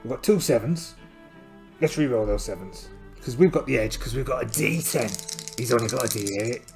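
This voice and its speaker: A man's voice: mid-range voice, expressive, moderate pace, vocal fry. A man playing a solo tabletop game who narrates it in a playful, storytelling way and thinks aloud over his dice rolls. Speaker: solo game player and host. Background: faint music backing track.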